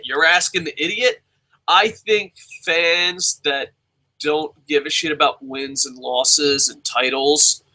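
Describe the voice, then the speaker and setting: A man's voice: a little high, pushed and bright, rough recording. A man hosting a live-streamed show, chatting casually in a rambling, profane, self-mocking way. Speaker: show host.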